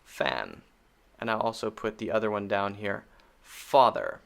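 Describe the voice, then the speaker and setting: A man with an American accent teaching pronunciation in a recorded lesson, speaking deliberately and repeating vowel sounds to demonstrate them. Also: lowish voice, lively intonation, gravelly, fairly bright tone.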